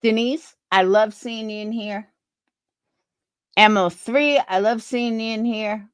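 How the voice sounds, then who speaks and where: A woman's voice: on the high side, fairly even intonation, slow pace, clear, resonant tone, no room sound, clean studio sound. A woman live streamer chatting casually with her viewers, opinionated and rambling, restarting her sentences.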